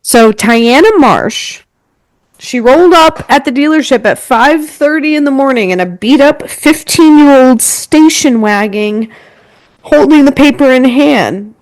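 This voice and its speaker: A woman in her twenties co-hosting a casual podcast, telling stories in an animated, chatty way with lots of fillers. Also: high-pitched, a little slow, dry recording, rough recording. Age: 20s. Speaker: podcast co-host.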